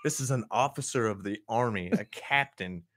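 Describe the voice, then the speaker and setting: A young adult man hosting a podcast, telling a crude story with animated, profane energy and frequent laughter. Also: on the low side, moderate pace. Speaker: podcast host. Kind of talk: casual storytelling.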